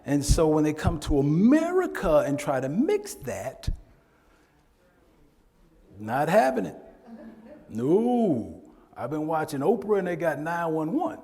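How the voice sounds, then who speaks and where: A man leading a workshop, lecturing in a conversational, animated way with frequent laughs, recorded in an echoey hall. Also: fairly high pitch, takes it slowly, pauses often. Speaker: workshop presenter. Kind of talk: lecture with storytelling.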